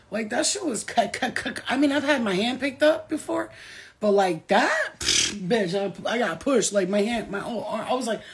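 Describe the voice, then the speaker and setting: A woman talking as a spiritual medium in a casual vlog, rambling, excitable and full of swearing. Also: medium pitch, fairly quick, breathy edge.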